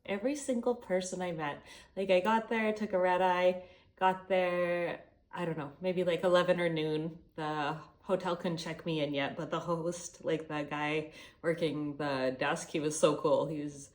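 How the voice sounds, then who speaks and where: A young Canadian woman recounts a travel story in a chatty vlog, swearing freely and animatedly acting out what people said. Her voice is fairly low and darkish, with fairly even intonation and a moderate pace.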